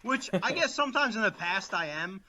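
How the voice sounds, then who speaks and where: A male podcast co-host chatting casually from home. His voice is very bright and forward, sitting a bit high. He laughs and teases his partner often. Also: lively intonation, normal speed. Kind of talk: casual chat. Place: home, recording remotely.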